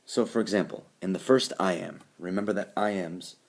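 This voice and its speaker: Low-voiced male teacher for a screencast voice-over, clear and explanatory, leans hard on stressed beats. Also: a little fast. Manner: explanatory, recites poetry lines with exaggerated stress. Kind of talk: recorded classroom screencast lesson. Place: voice-over recorded over a whiteboard app.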